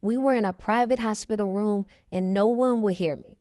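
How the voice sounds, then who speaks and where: A woman reading a memoir aloud in the first person, in a steady manner. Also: medium pitch, normal speed, dry recording, studio quality. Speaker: reader.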